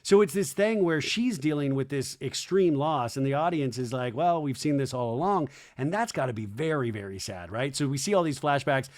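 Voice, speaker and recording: A man hosting a podcast, giving an animated, chatty comedic TV recap. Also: medium pitch, fairly quick, few pauses. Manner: animated, chatty, frequent impressions. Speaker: podcast host.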